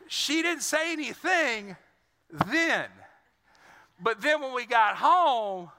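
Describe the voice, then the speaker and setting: A man's voice: very high voice, lively intonation, takes it slowly, pauses often, pushed and bright, big-room sound. A male pastor preaching a sermon in an earnest, conversational way, often repeating words as he goes.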